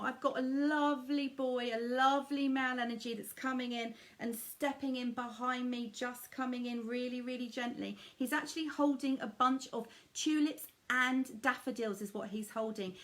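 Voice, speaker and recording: Woman medium, tender and intimate live-stream delivery, voice sitting a little high. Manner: soothing, intimate, many endearments. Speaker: medium giving readings. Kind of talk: live-streamed psychic reading.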